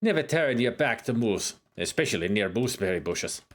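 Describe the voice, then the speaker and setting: A man's voice: mid-range voice, expressive, brisk, close to an everyday voice. A man voicing a proud spear-fighting warrior woman in broken English with a wandering put-on accent. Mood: warning. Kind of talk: reading game dialogue aloud in character.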